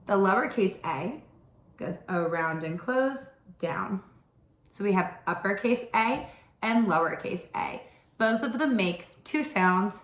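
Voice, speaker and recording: A woman teaching a pre-K phonics lesson, gently sounding out letters and words with exaggerated repetition. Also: medium pitch, echoey room. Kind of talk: slow early-childhood phonics lesson.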